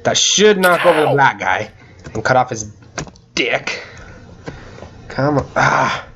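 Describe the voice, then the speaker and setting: A young man talks over a game he is playing, unhurried between bursts, his pitch leaping wildly as he yelps and whoops. He swears freely and reacts loudly to every crash. A faint hiss sits under the voice. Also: expressive, vocal fry. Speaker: gaming channel host. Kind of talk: casual gaming commentary.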